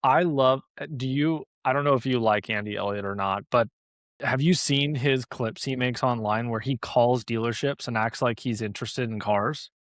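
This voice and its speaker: A man's voice: medium pitch, normal speed, a bit bright, no room sound, clean studio sound. Chatty man hosting a business podcast. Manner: casual, chatty, many fillers and restarts. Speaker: podcast host. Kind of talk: podcast interview conversation.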